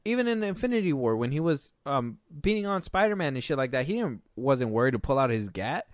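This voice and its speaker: A man's voice: medium pitch, sing-song, fairly quick, no room sound, clean studio sound. Blunt rambling man reviewing a film. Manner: rambling, blunt, swears freely. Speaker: podcast co-host. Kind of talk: casual film review chat.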